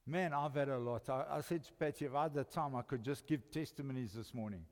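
An older man with a South African accent preaching a sermon, swinging between loud emphatic lines and quiet, intimate ones. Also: medium pitch, quick pace. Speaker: pastor. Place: church hall. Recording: long church reverb.

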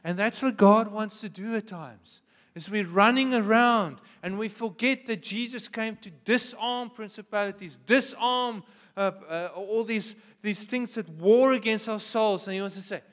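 A male pastor with a South African accent preaching a sermon, swinging from hushed, prayerful tones to loud, passionate cries. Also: high-pitched, a little slow, big-room sound.

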